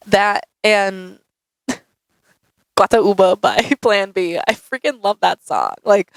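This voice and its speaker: A woman's voice: medium pitch, a little slow, creaky, rough recording. A young woman answering viewer questions in a casual, chatty vlog, saying "like" a lot. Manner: chatty, says "like" often, animated. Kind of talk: casual Q&A chat. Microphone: camera mic.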